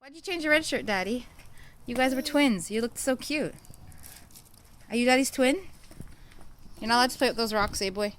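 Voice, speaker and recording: A woman's voice: a little high, normal speed, long pauses. A young woman filming her baby at home, coaxing him in a sing-song voice. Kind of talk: home video baby talk.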